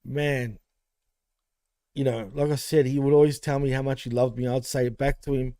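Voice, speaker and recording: Heartfelt rambling man, mellow voice. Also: medium pitch, flat delivery, normal speed, no echo. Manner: heartfelt, rambling, many fillers. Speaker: podcast co-host. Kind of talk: casual podcast tribute.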